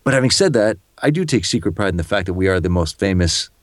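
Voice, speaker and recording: A middle-aged man who works as a voice-over announcer, telling stories fast and animatedly in a casual podcast chat, with some swearing. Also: low voice, no echo, clean studio sound. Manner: rapid, animated storytelling with expletives.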